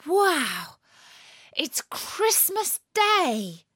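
A young girl from a storybook who shrieks and wails, acted by a woman reading aloud. Her voice shoots way up high and leaps around. The sound is close and dry. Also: extremely slow, no room sound, exaggerated voice. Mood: excited. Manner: loud excited squeals turning to wailing. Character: sleepy young girl who hates getting up.

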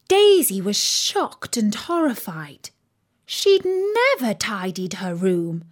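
A woman reading a children's story aloud in an expressive, gently dramatic way. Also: mid-range voice, slow.

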